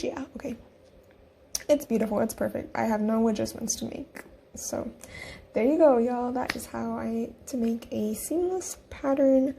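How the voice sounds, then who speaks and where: A woman's voice: fairly high pitch, animated, normal speed, creaky, mellow, slight background noise. Giggly young woman walking through a design tutorial. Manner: chatty, giggly, talks through each click. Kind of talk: casual screen-recorded tutorial.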